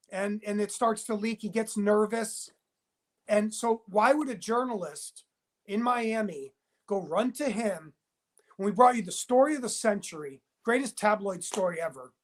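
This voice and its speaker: In a heated interview that sounds like a phone call, a whistleblowing TV producer presses his points in quick bursts, insistent and emphatic, going over the same things again. His voice is high-pitched.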